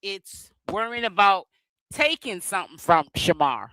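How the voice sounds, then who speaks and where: Bright-voiced woman hosting a gossip livestream. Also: mid-range voice, big pitch swings, a little slow, dry recording, low-quality recording. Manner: opinionated, addressing the chat directly.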